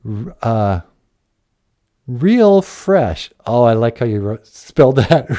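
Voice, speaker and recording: A man's voice: mid-range voice, sing-song, takes it slowly, mellow. A man hosting a casual live-stream chat, joking in a laid-back way and reading viewer comments aloud. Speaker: show host.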